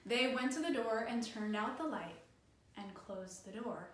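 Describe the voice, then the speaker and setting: A woman librarian telling a folk tale for children, animated and inviting them to join in, in an echoey room from a distance. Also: a little high, a little slow. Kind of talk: children's storytime narration.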